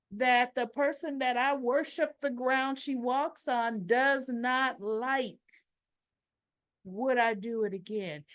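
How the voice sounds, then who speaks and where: A woman's voice: sits high, no room sound, studio quality. A woman hosting a casual soap opera recap vlog, giving strong opinions and retelling scenes with quoted dialogue.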